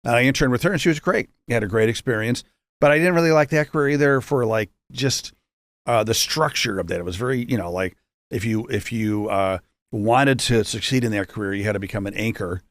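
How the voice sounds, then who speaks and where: Chatty and joking, a Rochester, New York entrepreneur in his fifties goes off on plenty of tangents while telling his story as a guest. His mid-range voice moves a little fast, and no room sound is present.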